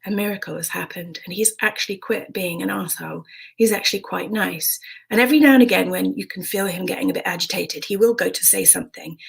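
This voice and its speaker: A British woman in her forties telling a frank personal story in a hushed, intimate way. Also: mid-range voice, gravelly, slightly rough, rough recording. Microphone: streamed stage mic.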